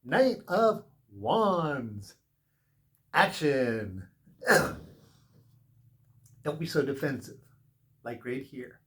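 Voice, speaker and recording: A man's voice: mid-range voice, sing-song, very slow, long pauses. Earnest rambling man reading tarot. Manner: rambling, earnest, advice-giving storyteller. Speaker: tarot reader. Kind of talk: spiritual tarot reading monologue.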